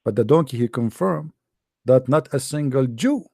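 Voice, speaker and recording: A man's voice: mid-range voice, expressive, moderate pace, gravelly, mellow, dry recording, studio quality. A man giving a scornful, emphatic commentary monologue in non-native English phrasing, repeating phrases and laughing often. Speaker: online religious debater.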